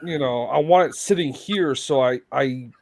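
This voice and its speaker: A man's voice: mid-range voice, moderate pace, vocal fry, a little mellow, no echo. A man co-hosting a casual livestream chat, blunt and laughing, swearing casually. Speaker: co-host.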